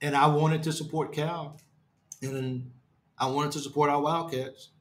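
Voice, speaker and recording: A man hosts a fan show live from his apartment, distraught and halting. His voice sits high and bright. He repeats himself, stumbles over words, and often sinks low and quiet at the end of a phrase. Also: level tone. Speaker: fan podcast host. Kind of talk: emotional live-stream rant.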